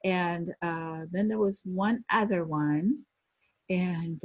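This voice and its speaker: A husky, lower-voiced woman in her sixties recounts stories as an interview guest, a former pro wrestler who animates her anecdotes by acting out the people she quotes. The recording is dull and lo-fi, with a dry, close sound. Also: takes it slowly, darkish tone, dry recording. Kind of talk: casual storytelling interview.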